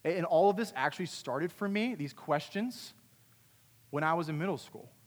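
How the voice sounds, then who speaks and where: Young man, youth speaker, animated storytelling, self-deprecating, slightly high voice, long hall reverb. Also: moderate pace.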